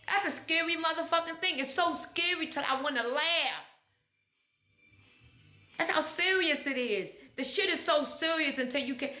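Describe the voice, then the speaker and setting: A woman's voice: high voice, sharp tone. A woman ranting bluntly and profanely in a monologue, exasperated and blunt. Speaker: vlogger. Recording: echoey room.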